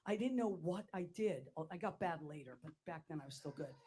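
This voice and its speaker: An older woman hosting a show, telling stories in an animated, chatty way with quick asides and restarts. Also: deep voice, a little hiss or hum. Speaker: host. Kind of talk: casual storytelling chat.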